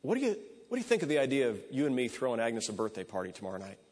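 A man's voice: mid-range voice, wildly swooping pitch, rapid-fire, a little mellow, slightly rough. A man voicing a kindly, easygoing preacher in a plain, friendly way. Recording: echoey hall.

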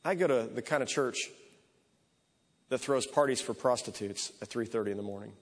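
A man's voice: mid-range voice, a little fast, slightly rough. A man voicing a kindly, easygoing preacher in a plain, friendly way. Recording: echoey hall.

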